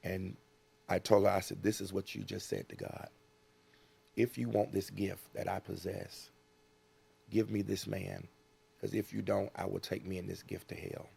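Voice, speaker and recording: Deep gravelly man telling his story. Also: moderate pace, pauses often. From United States. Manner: earnest, animated storyteller acting out quotes. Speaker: guest. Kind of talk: personal storytelling interview.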